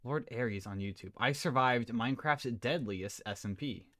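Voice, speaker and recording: A man streaming, reacting casually to a video he is watching, talking in excitable, rambling bursts. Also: mid-range voice, moderate pace, no echo, clean studio sound. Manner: excitable, rambling, with many restarts.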